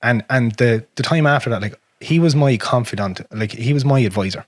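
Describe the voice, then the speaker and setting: Irish male podcast host, raspy, quick, blunt and profane, dry close sound. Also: mid-range voice, dry recording. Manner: frank and profane, drops to a near whisper on painful memories. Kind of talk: casual conversation.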